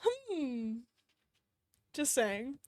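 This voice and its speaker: A young woman streamer reading fanfiction aloud, reacting with animated outbursts, swearing and laughter. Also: sits high, very slow, no room sound.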